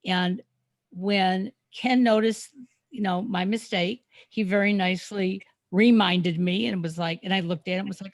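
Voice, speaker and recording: A woman's voice: medium pitch, fairly even intonation, normal speed, no echo. A woman in her seventies co-hosting a podcast, speaking candidly with lots of ums. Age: 70s. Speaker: co-host. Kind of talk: casual podcast chat.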